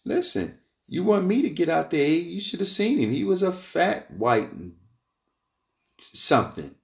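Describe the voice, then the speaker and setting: Gravelly man ranting in an echoey room. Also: big pitch swings, a little slow. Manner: emphatic, repetitive, goes off on tangents; voice climbs high when heated. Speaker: entrepreneur vlogger. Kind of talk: rambling opinion monologue. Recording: roomy echo.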